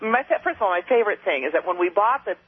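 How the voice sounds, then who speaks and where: A woman's voice: medium pitch, animated, racing, breathy edge. A woman newspaper reporter calling into a radio show, telling rambling anecdotes with frequent restarts. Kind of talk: casual phone-in chat. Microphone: telephone. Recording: tinny phone line.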